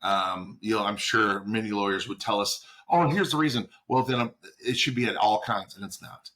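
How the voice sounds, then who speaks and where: A man's voice: lowish voice, steady tone, normal speed, sharp tone. A man co-hosting a podcast, speaking his opinions plainly in casual chat. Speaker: podcast co-host.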